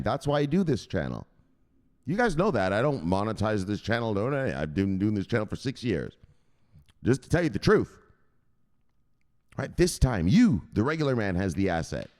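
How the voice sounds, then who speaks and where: A man hosting his own channel, ranting in hyped, profane vlog commentary and punctuating points with shouted exclamations. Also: fairly low pitch. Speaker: crypto channel host.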